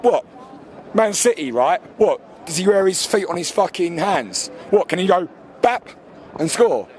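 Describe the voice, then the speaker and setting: A man's voice: high-pitched, big pitch swings, a little slow, a little hiss or hum. A man, ranting furiously and swearing as a football fan outdoors after a match. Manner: furious, sweary, shouting over himself. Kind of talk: angry fan rant.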